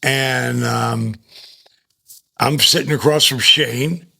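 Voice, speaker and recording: Older guy w a super gravelly raspy voice, swears a lot, spins wild stories n does the voices. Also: medium pitch, takes it slowly. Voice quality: gravelly, husky. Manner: animated, profane, acts out voices. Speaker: guest, retired wrestler. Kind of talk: casual storytelling in an interview.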